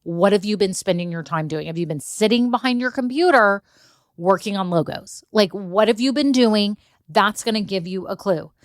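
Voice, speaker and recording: A woman's voice: mid-range voice, moderate pace, no echo. Brief: middle-aged woman podcast host, direct and encouraging business-coach delivery, close and dry mic. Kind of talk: solo coaching podcast talk.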